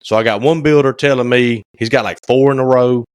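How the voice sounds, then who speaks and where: A man's voice: medium pitch, fairly even intonation, fairly quick, clear, resonant tone, dry recording, studio quality. Folksy man telling a story. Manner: folksy storyteller, acts out phone calls. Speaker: podcast co-host, cabinet maker. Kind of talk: casual chat.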